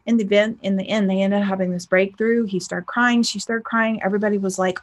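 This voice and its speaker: A woman life coach talks fast to her viewers, giving casual relationship advice in a chatty, storytelling way and acting out snippets of dialogue. Her mid-range voice keeps fairly even intonation.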